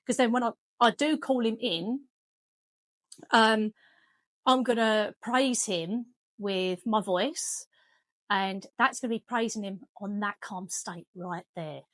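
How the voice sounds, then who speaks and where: A woman's voice: mid-range voice, slow pace, a bit bright, no echo. A woman, a dog trainer talking casually as she demonstrates a lesson at home. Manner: chatty, firm commands to the dog. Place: home kitchen.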